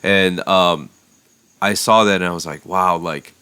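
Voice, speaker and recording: A man with a low, clear, resonant voice talks through a story in easygoing podcast chat. He leans on fillers and restarts as he goes. The sound is close and dry. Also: a little slow, pushed and bright, no echo. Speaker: podcast co-host, songwriter and producer.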